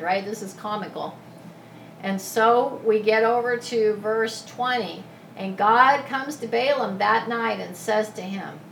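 A woman preaching a sermon, retelling a scripture story in a lively, casual way with asides. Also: mid-range voice, unhurried, gravelly, slight background noise. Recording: echoey room from a distance.

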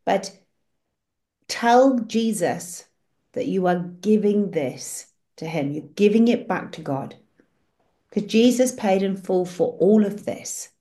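Aussie woman guiding a prayer call, warm encouraging tone, tells stories. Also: mid-range voice, lively intonation, slow pace. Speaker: prayer group leader. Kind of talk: guiding an online prayer session.

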